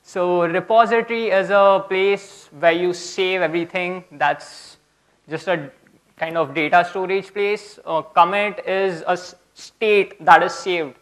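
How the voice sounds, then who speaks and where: A man's voice: high-pitched, steady tone, a little slow, fairly bright tone. A young man giving a casual, chatty technical talk at a conference, often checking in with "okay?". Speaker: conference speaker.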